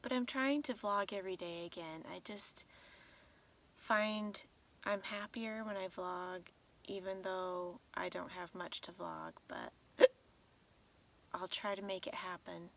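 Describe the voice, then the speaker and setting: A woman's voice: mid-range voice, steady tone, takes it slowly, creaky, recorded from a distance. A tired woman vlogger chatting casually at night, half asleep and rambling as she shows her things. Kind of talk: casual late-night vlog chat.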